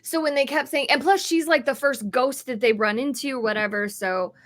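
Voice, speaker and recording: A woman's voice: sits high, fairly quick. Chatty woman. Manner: chatty, rambling, many fillers. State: yawning, tired. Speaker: podcast co-host. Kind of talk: casual podcast chat.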